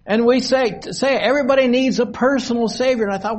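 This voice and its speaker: An older man preaching a sermon from a podium in a meeting hall, slow and measured with long pauses. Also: very high voice.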